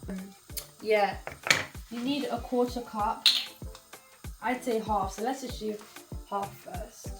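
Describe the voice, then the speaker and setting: A young woman with a slightly higher voice and a bit of a cold chats casually as she cooks in a home kitchen. She rambles, uses fillers and corrects herself, with loud music playing behind her. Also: fairly even intonation, slow, rough recording. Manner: chatty and scattered, with fillers and self-corrections. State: has a cold. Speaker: cooking vlogger. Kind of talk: casual cooking vlog chat. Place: home kitchen with frying food.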